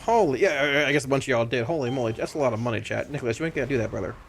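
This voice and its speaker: A man streaming a game live, talking casually to his viewers, excitable and stammering, often repeating himself. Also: medium pitch, racing, gravelly, slight background noise.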